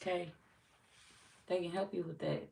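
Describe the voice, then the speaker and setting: A young woman hosting a tarot livestream, reading viewer comments aloud and chatting in a relaxed, teasing way with lots of slang and laughter. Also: lowish voice, moderate pace, vocal fry, recorded from a distance. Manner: laid-back, teasing, laughs often, slangy. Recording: roomy echo, off-mic, faint noise.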